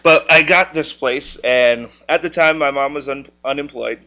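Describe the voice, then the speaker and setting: A young church member shares a personal testimony in a casual storytelling way, acting out the voices of the people in his story. His voice is fairly high, bright, and forceful at a normal speed, captured on a dull lo-fi recording.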